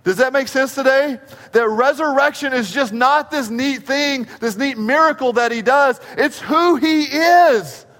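A man preaching a sermon as pastor, emphatic, slowing right down to stress key phrases and asking the congregation questions. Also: extremely high pitch, fairly bright tone. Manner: asks the congregation rhetorical questions. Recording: long reverb of a large hall.

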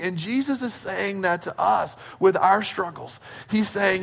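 A man's voice: high voice, slow, vocal fry, breathy edge. A man preaching a sermon in a church, building to moments of urgency. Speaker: pastor. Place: church sanctuary. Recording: long hall reverb.

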